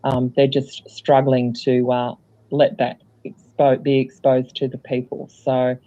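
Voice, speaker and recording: A man's voice: mid-range voice, completely flat delivery, measured pace, mellow. Hesitant man with a rambling delivery, dull lo-fi sound. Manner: rambling, hesitant with many fillers. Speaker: guest. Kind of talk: casual chat.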